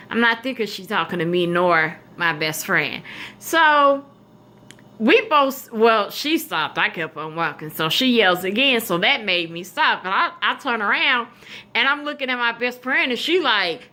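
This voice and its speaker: Bright-voiced, animated woman storyteller. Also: on the high side. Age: adult. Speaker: vlogger. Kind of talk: storytime vlog.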